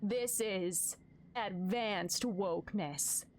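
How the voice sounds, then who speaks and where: A young woman with a mid-range voice streams a narrative game, speaking extremely slowly. She reads it aloud with chatty, joking asides in casual let's-play commentary, and there's a little hiss or hum.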